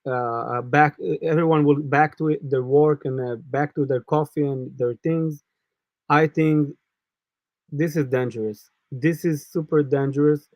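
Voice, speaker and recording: A man speaks as a guest on a live stream, in halting English with many fillers. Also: a little high, steady tone, dry recording, highs cut off. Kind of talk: casual live-stream discussion.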